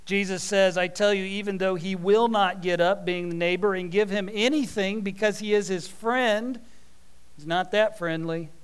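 A man preaching a sermon, telling a parable with folksy, animated asides. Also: high voice, clear, resonant tone.

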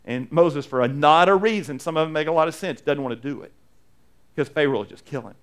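Male pastor, conversational sermon, somewhat high voice, acts out the quotes, repeats himself. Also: quick pace, smooth. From United States.

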